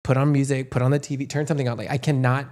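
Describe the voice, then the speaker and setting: A man's voice: mid-range voice, flat delivery, racing, a little mellow. A man co-hosting a podcast, chatting casually and expressively, often stammering and restarting. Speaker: podcast co-host. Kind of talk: casual chat.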